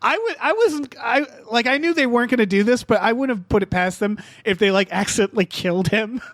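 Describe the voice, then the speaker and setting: A man co-hosting a podcast, talking about a holiday special in an animated, swearing, laughing way. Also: very high-pitched, fast talker, dry recording, clean studio sound. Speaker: podcast host. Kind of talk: casual movie discussion.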